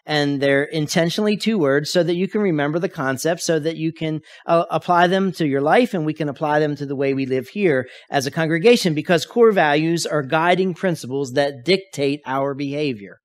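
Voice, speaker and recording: Higher-voiced man preaching a sermon. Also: brisk, hardly any pauses. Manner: storytelling, varies loudness for emphasis. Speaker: pastor.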